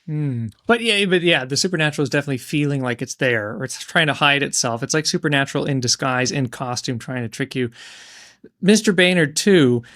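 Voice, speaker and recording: A man's voice: mid-range voice, fairly quick, a bit bright. Thoughtful man discussing a story. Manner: thoughtful, searching for words. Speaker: book podcast co-host. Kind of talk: casual book discussion.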